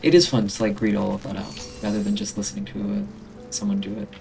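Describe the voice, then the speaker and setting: A man's voice: fairly low pitch, big pitch swings, fairly quick, gravelly, mellow, soft background music. A man with an American accent streaming casually, self-conscious and rambling.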